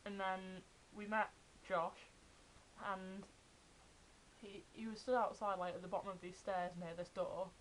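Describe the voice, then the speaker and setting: A young adult woman, excitedly telling fan stories in a casual vlog. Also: medium pitch, a little slow, a little hiss or hum, rough recording. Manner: chatty, excited retelling of fan anecdotes. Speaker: vlogger.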